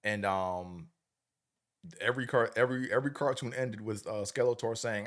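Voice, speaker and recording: A middle-aged man with a very low voice talks loosely on his livestream. His delivery is relaxed and slangy, and he rambles from point to point. He keeps turning to the audience to check they're following. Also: moderate pace. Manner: laid-back, rambling, slangy, checks in with the listener often. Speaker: livestream host. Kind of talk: casual livestream chat.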